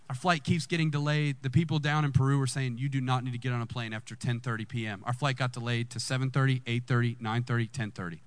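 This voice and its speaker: A man, a lead pastor telling a personal story in a sermon and jumping high in pitch when excited. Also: fast talker, few pauses, no room sound.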